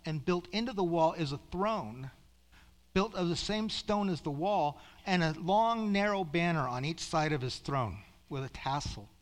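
Earnest preacher guy telling his testimony, drops to hushed almost-whispers, big reverby hall. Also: a little high. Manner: earnest, slows to hushed near-whispers at moments. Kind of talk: emotional testimony to a congregation.

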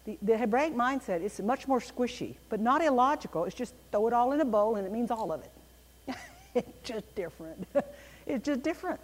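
A woman teaching a Bible class in an animated, emphatic way, with a reverberant room around her. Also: on the high side, normal speed.

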